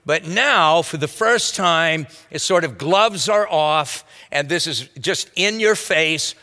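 A man's voice: a little high, animated, slow, few pauses, bright, forceful tone, in a large hall. A man preaching a sermon as a pastor, teaching verse by verse in a conversational, folksy way with casual asides. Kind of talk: expository sermon.

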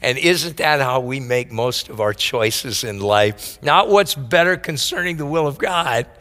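In an echoey hall, a pastor with a mid-range, fairly bright voice preaches at a measured pace with lively intonation. He retells a Bible story in casual, modern speech and acts out the characters' lines.

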